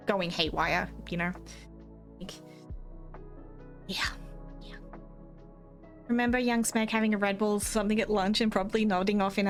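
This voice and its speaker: With a medium-pitched, slightly bright voice, a young Australian woman chats casually while gaming on stream. She rambles, swears freely, and quotes what she and others have said.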